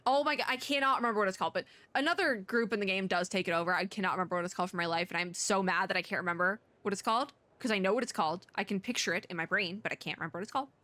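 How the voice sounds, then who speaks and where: A woman's voice: medium pitch, racing, hardly any pauses, bright, forceful tone, no echo. A woman hosting a casual let's play, chatting and rambling as she reads the game text aloud. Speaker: VTuber let's-play host. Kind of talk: casual gameplay commentary.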